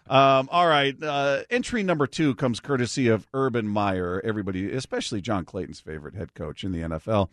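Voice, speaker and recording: A man's voice: on the low side, a little fast, a bit bright, dry recording, studio quality. A middle-aged man hosting a sports radio show in casual chat, laughing easily and plugging the text line. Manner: chatty, laughs often, reads the text line. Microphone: studio microphone.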